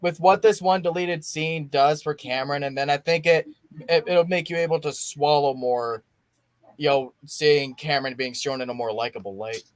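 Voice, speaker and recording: A young man chats through a movie watch-along in a rambling, eager way, often restarting his sentences. His voice sits a bit high. The sound is dry and close, with no room echo. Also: normal speed. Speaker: podcast host. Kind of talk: casual watch-along chat.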